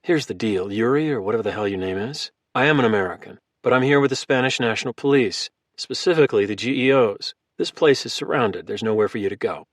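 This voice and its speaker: A man voicing a calm, calculating former Marine who talks in a friendly, easygoing way. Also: medium pitch, fairly quick, no room sound, studio quality. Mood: hard. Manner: casual and friendly, turning hard.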